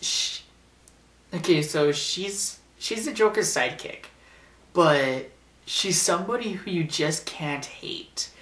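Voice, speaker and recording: A man giving casual top-ten commentary at a slow, unhurried pace, rambling and filling pauses with ums and giggles. His voice sits at an ordinary pitch. It comes from away from the mic in an echoey room. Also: lively intonation, fairly bright tone. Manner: rambling, full of fillers and giggles. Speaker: host of a top-ten video show. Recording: roomy, distant from mic.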